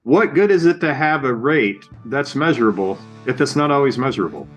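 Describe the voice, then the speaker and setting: A man's voice: medium pitch, expressive, a little fast, soft background music. Earnest conversational man. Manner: earnest, conversational, making points one by one. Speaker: podcast co-host. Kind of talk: casual chat.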